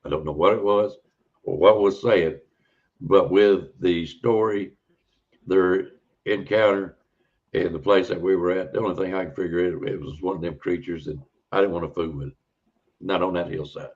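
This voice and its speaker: A man's voice: deep voice, steady tone, normal speed, darkish tone. A man, a podcast guest telling a rambling, folksy encounter story in a casual way. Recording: dull lo-fi audio.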